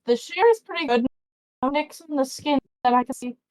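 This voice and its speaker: Woman doing a rambling old farmer guy, high and lively, doting and fussy. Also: brisk, close to an everyday voice.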